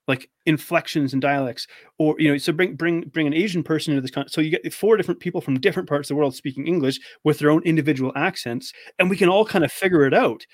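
A man's voice: a little high, no echo, clean studio sound. A man from Canada telling stories in casual chat as a guest, full of fillers and easy laughs.

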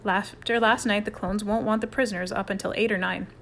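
A woman voicing a brisk, bossy boy camper who barks orders like a mock ship's captain. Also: mid-range voice, steady tone, fairly bright tone, slight background noise. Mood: confident. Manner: crisp, commanding, playful mock-sailor.

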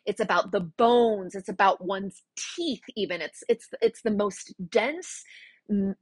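A woman in her forties, a yoga teacher and life coach, talking casually and warmly about her teaching, with many fillers and repeated words. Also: medium pitch, measured pace, husky, dry recording. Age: 40s. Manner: chatty, repeats words, frequent fillers and laughs.

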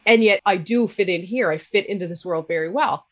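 A woman with a Cape Breton accent, a podcaster talking candidly as an interview guest, with a loud laugh. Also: lowish voice, brisk. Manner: candid, laughs loudly, swears freely. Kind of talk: casual interview talk.

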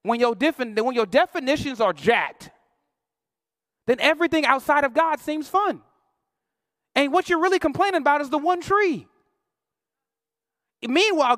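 A man's voice: extremely high pitch, expressive, normal speed, pauses often, fairly bright tone, no room sound, clean studio sound. A male pastor preaching a sermon in a playful, slangy, conversational way, acting out quoted voices.

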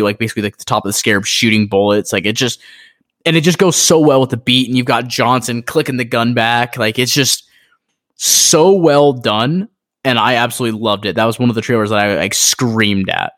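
A man co-hosting a casual gaming podcast, talking in an excitable, rambling way with lots of fillers. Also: mid-range voice. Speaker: podcast co-host. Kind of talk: casual chat.

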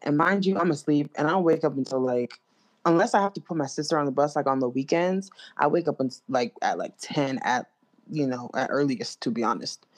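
A young woman, hosting a podcast and telling a story to a friend in a casual, animated, slangy way, full of "like". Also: low-pitched, fairly quick. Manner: animated and slangy, filler-heavy with lots of "like". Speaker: podcast host.

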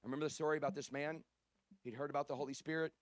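A male pastor preaching a sermon, swinging from loud preaching to hushed storytelling and often clearing his throat. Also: fairly high pitch, steady tone, racing, no room sound. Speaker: guest pastor.

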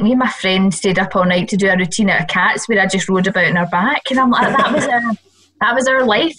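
A woman's voice: medium pitch, fairly bright tone, poor audio. A woman in her thirties with a Glaswegian accent, telling stories as a chatty, laughing podcast guest. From Glasgow, Scotland. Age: 30s. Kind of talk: casual chat.

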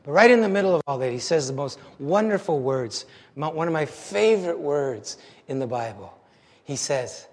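A male pastor with a notably high voice delivers an animated, conversational sermon full of self-deprecating humor. His words trail off into the long reverb of a big church sanctuary. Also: moderate pace.

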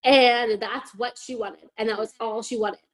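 A young woman hosting a podcast, telling a long story in casual chat, animated, swearing, and saying "like" constantly. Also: fairly high pitch, unhurried. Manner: animated, swearing, heavy use of "like". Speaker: podcast host.

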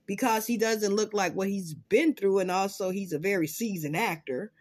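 A woman vlogging in casual commentary, profane and dramatic, swinging between loud outbursts and low muttering. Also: moderate pace, breathy edge. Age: adult parent.

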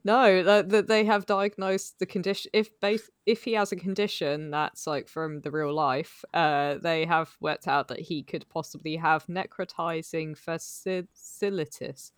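A woman's voice: lowish voice, steady tone, a little slow, few pauses, no room sound. Wry laughing woman, dry close sound. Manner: laughs often, wry jokes. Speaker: podcast co-host. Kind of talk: casual chat.

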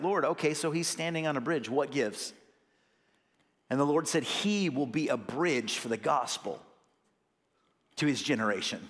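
Young male pastor, earnest conversational sermon, fairly high voice, big church hall echo. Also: a bit bright. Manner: earnest, conversational preaching with rising emphatic bursts. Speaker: associate pastor. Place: church sanctuary.

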